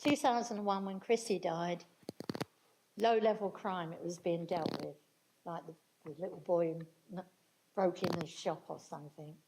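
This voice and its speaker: A woman's voice: fairly low pitch, fairly even intonation, normal speed, noisy background. Earnest older woman. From Britain. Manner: earnest, stresses words, backs up her partner. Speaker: speaker at a public talk. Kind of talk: conversational talk to an audience.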